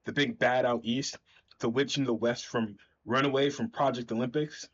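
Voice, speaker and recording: A man reading as a gruff, bossy veteran hero. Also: mid-range voice, fairly even intonation, normal speed, lo-fi sound, close to an everyday voice. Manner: curt, lecturing.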